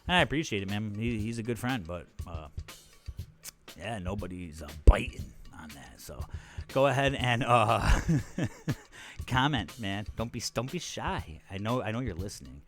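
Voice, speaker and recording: A low-voiced male podcast host rambling through a comedic monologue. He talks in a loose, profane, self-mocking way. Faint music plays behind him. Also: expressive, a little slow, fairly bright tone.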